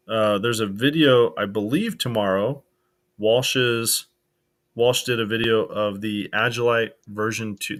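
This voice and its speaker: A man with a fairly low voice co-hosts a casual live stream. He talks loosely and rambles, restarting his sentences and filling gaps with ums and uhs. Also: a bit bright. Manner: rambling, with many fillers and restarts. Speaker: co-host of a live gear show.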